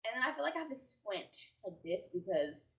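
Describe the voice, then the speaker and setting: A woman's voice: mid-range voice, sing-song, a little fast. Chatty woman talking to a distant camera. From United States. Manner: chatty, rambling, enthusiastic, self-correcting. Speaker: book vlogger. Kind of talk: casual chat to camera. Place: home room with bookshelves. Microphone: camera a little way off. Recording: roomy sound from a distant mic.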